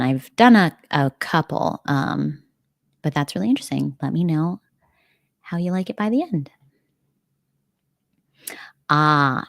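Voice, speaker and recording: A woman's voice: low voice, darkish tone, dry recording, studio quality. A young American woman hosting a casual livestream, chatty and bubbly, filling her talk with "like" and little laughs. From United States. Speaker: livestream host. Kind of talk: casual live-stream chat.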